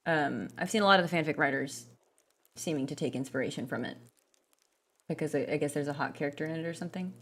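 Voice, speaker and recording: A woman gaming vlogger chatting casually and rambling, with lots of fillers and restarts. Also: fairly low pitch. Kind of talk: casual chat while gaming.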